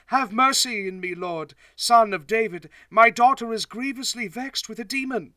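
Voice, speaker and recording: A man voicing a desperate Canaanite mother who begs for help, his voice raised high and imploring. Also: normal speed, bright, forceful tone, no room sound, heavily acted. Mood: pleading.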